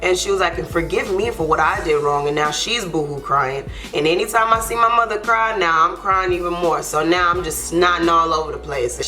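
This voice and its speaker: A young woman who co-hosts a YouTube channel shares an emotional storytime in a slightly low voice, earnest, heartfelt, and unpolished. She sprinkles in fillers like "like" and "you know," with soft music faintly underneath.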